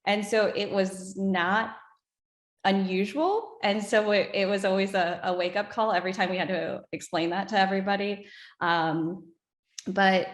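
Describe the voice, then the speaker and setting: A woman's voice: mid-range voice, fairly even intonation. Earnest woman in an echoey room. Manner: earnest, reflective, halting restarts. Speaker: whiskey brand co-founder guest. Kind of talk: interview storytelling.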